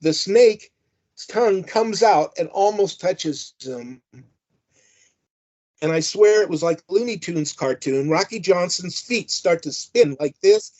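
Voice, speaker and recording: An older man tells amused, rambling stories in a somewhat high voice, full of "uh" and "you know." He has the easy manner of a guest reminiscing. The audio is dull and lo-fi. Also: darkish tone. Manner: rambling, amused, many fillers. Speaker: guest, former wrestling manager. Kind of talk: anecdotal storytelling.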